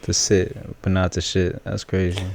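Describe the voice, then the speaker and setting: Deep, gravelly man with dry quips. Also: monotone, moderate pace, a little mellow. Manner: dry, short reactions. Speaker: podcast co-host. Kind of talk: casual chat.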